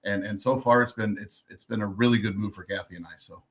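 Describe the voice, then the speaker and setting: A man's voice: fairly low pitch, quick pace, fairly bright tone. A man talking on a panel as a dealership service director. His speech is loose and unpolished, and he often restarts his sentences. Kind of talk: panel discussion.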